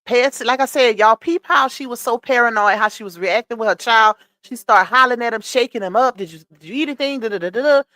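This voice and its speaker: A woman's voice: on the high side, fairly quick, few pauses, sharp tone, dry recording. Emphatic woman commentator, dry close mic. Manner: emphatic, rhetorical questions to viewers. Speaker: commentary streamer. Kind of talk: casual commentary.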